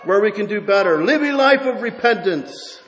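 A man's voice: high-pitched, expressive, normal speed, fairly bright tone, slight background noise. A man preaching a sermon as pastor, telling a story with many restarts before building to emphatic preaching. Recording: long hall reverb.

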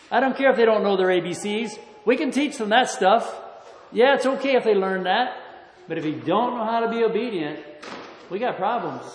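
A man preaching a folksy revival sermon to a church congregation, mixing stories with emphatic exhortations. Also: high-pitched. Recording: echoey hall, faint background noise.

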